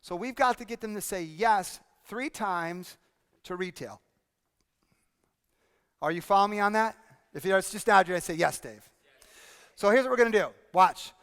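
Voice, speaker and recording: A man presenting a workshop to a live audience, energetic and drilling the room with repeated questions. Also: high voice, normal speed, long pauses, clean tone. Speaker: speaking coach presenting a workshop. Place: conference hall with audience. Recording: long hall reverb.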